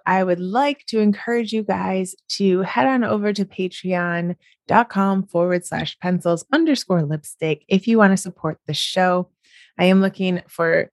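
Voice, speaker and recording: A woman's voice: medium pitch, dry recording, clean studio sound. A woman from the United States hosting a podcast, chatting casually and laughing often. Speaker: podcast host.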